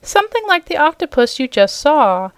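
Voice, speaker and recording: A woman voicing a gentle, stately sea queen. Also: high voice, moderate pace, dry recording, voice pushed up. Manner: gentle and calm.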